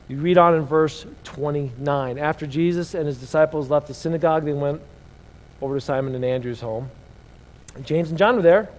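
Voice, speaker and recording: A man preaching a sermon, reading scripture and asking the room rhetorical questions, his voice swelling and dropping. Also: a little high. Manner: rises and drops in loudness, rhetorical questions. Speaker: pastor. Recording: long hall reverb.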